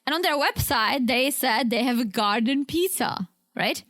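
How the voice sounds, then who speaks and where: Woman, podcast co-host, high voice, animated storyteller, close and dry recording. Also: a little slow, no room sound. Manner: animated storyteller, acts out both sides of phone calls. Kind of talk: casual chat recapping a reality show.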